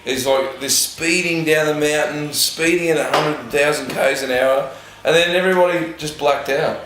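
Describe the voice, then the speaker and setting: A man's voice: on the high side, fairly even intonation, normal speed, very echoey, noisy background. A man in a band, telling road stories in a casual interview and laughing as he acts out quotes. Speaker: band member.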